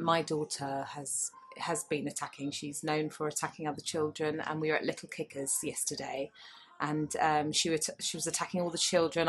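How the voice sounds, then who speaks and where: A woman in her thirties co-hosting a podcast, telling stories in an animated, self-mocking way. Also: deep voice, slightly rough. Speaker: podcast co-host. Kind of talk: casual chat. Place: small public toilet.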